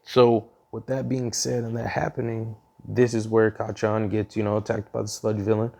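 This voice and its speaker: A man's voice: fairly low pitch, completely flat delivery, moderate pace, vocal fry, dark tone. A man casually retelling his own fan story, rambling with frequent ums and restarts.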